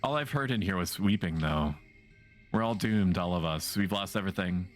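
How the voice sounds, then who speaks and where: A man's voice: low voice, moderate pace, soft background music, pitched below the performer's own voice, natural voice. A man reading out the lines of a gloomy, despairing villager in a horror video game, in a somber, mournful way.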